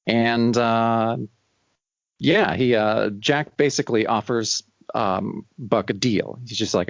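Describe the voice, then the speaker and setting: A man's voice: mid-range voice, slow, vocal fry, no echo, muffled recording. A man co-hosting a casual comic book podcast, rambling and acting out lines of dialogue. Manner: rambling, acts out dialogue in silly voices. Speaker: podcast co-host.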